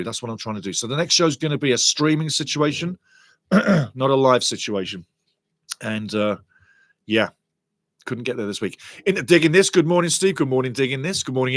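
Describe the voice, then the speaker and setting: A man's voice: medium pitch, fairly bright tone, no echo. A man hosting a live football watch-along stream, chatting casually and reading viewer comments aloud. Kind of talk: live stream chat and match talk.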